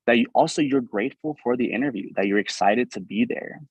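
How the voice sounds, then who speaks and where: A young man giving a fast, energetic, informal webinar talk on medical school applications, with many fillers and restarts. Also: medium pitch, breathy edge, dry recording, lo-fi sound. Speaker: medical school admissions advisor and presenter.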